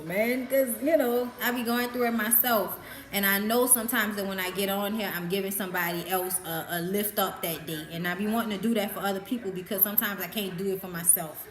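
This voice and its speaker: A woman's voice: mid-range voice, moderate pace. A woman with a New Orleans accent hosting a live Q&A as a vlogger, talking frankly and profanely and laughing often. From New Orleans, USA. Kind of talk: casual chat. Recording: roomy echo.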